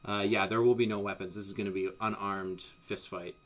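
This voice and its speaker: A man's voice: fairly low pitch, flat delivery, fairly quick. A man narrating a tabletop game as game master in a casual, rambling way with many restarts. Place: home streaming setup.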